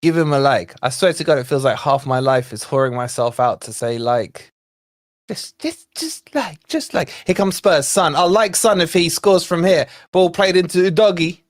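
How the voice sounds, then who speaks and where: A man hosting a live fan watch-along, commentating on play and chatting with viewers, excitable and quick to shout at near misses and fouls. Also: fairly high pitch. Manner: chatty, talks to viewers and co-host. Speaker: fan channel host.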